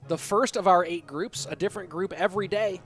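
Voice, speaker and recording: High-voiced chatty esports caster. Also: male voice, fairly quick. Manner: chatty, reads and answers chat between excited play calls. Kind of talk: solo live esports commentary with chat reading. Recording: loud music behind voice.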